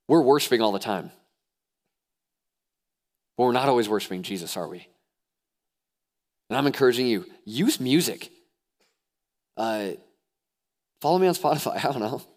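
A young youth pastor preaches an animated sermon, his voice swinging from hushed lows to excited near-shouts.

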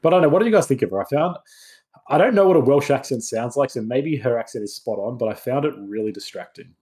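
A man co-hosting a casual film review podcast, chatty and quick to act out lines from scenes. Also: mid-range voice. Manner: animated, chatty, acts out quotes. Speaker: podcast co-host.

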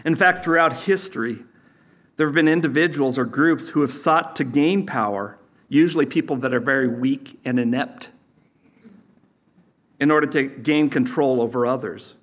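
A man's voice: medium pitch, moderate pace, a bit bright. A man preaching a sermon as pastor, teaching in a conversational way with sarcastic asides.

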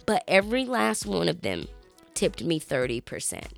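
A podcast co-host tells a story in casual conversation, acting out what people said like an animated storyteller. Her voice is fairly low and gravelly, her pace moderate, with faint music in the background.

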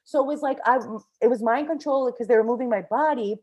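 Young female vlogger, slightly high voice, casual storytelling full of fillers. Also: fast. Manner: breathless, animated, many fillers; swears casually.

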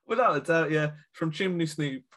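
A man with a husky, breathy voice chats about films on a podcast. He keeps it jokey and laughs often. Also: a little high, animated, moderate pace, fairly bright tone. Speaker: podcast co-host. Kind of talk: casual film chat.

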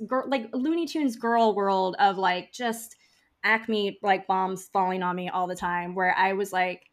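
Woman on a podcast, chatty and animated, says "like" constantly, mid-pitched voice. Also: moderate pace. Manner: chatty, frequent "like" fillers, animated storytelling. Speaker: podcast guest, funeral home founder. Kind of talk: casual interview storytelling.

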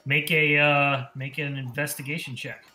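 Bright-voiced man running a tabletop game. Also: a little high, level tone, normal speed, a little hiss or hum. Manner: laughs often, fills gaps with "uh" and "um". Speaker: dungeon master. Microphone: online voice call.

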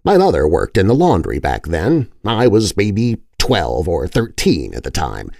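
A man's voice: fairly low pitch, gravelly, darkish tone, dry recording, clean studio sound, exaggerated voice. A man voicing an older woman servant telling an old story.

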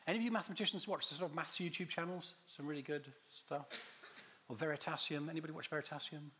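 A man's voice: on the high side, steady tone, quick pace, pushed and bright, slight background noise. A man giving a teaching talk to a congregation, quizzing the listeners and restarting his phrases as he goes. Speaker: visiting Bible teacher.

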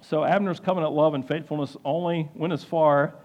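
A man with a voice a little above the usual register gives a sermon-style Bible lesson. He talks haltingly and often pauses with fillers and restarts. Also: fairly high pitch, fairly even intonation, a little mellow. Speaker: Bible teacher.

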